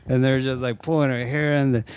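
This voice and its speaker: A man's voice: medium pitch, level tone, a little fast, darkish tone, clear, resonant tone, no echo. A man co-hosting a casual movie review, blunt and crude, trading scene recaps. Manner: blunt, crude, laughing asides. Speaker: podcast co-host.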